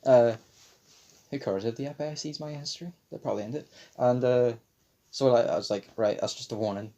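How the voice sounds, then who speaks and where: A man's voice: medium pitch, brisk, dark tone. A young man in his late teens telling a crude childhood story on a podcast, rambling and swearing, his voice sometimes cracking. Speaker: podcast co-host. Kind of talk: casual storytelling chat.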